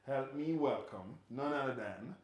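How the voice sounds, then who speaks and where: Male host, enthusiastic, mid pitch, echoey room. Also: lively intonation. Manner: enthusiastic, quick affirmations. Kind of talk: casual interview hosting.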